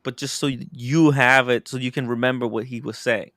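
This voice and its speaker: A man's voice: medium pitch, fairly even intonation, brisk, fairly bright tone, no room sound, clean studio sound. A man hosting a casual chat show, blunt and emphatic, swearing freely. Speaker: show host.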